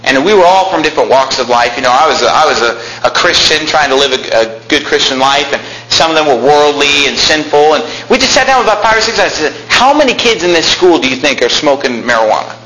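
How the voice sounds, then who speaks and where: A man preaching a sermon as a pastor, impassioned and rising to shouts at the peaks. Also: on the high side, expressive, fast, hardly any pauses, a little hiss or hum. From California. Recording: echoey room with faint ambience.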